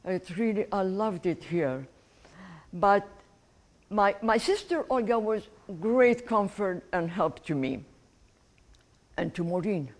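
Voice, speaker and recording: Animated elderly woman. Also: mid-range voice, takes it slowly, long pauses. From Egypt. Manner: warm and animated, laughing at her own story. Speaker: guest speaker. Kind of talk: personal life storytelling to an audience.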